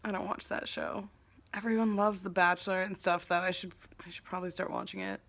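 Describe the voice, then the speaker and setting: A woman's voice: on the low side, flat delivery, brisk, gravelly, a bit bright. Rambling, self-mocking young woman vlogger. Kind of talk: casual talk to camera. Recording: faint background noise.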